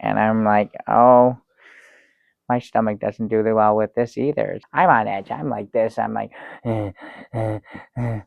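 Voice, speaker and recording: A man playing an excitable talk show guest in an improvised comedy sketch, rambling and halting, breaking into theatrical exclamations. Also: lowish voice, vocal fry, no echo, narrow, tinny audio. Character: fussy excitable man telling a travel story. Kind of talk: improvised comic storytelling.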